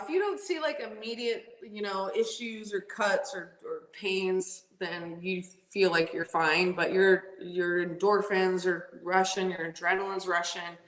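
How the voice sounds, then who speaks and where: A woman's voice: fairly low pitch, a little slow, echoey room, rough recording. Laughing woman racer telling stories. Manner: animated, laughs often, acts out quotes. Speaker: drag racing driver and team co-owner. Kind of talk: casual interview storytelling.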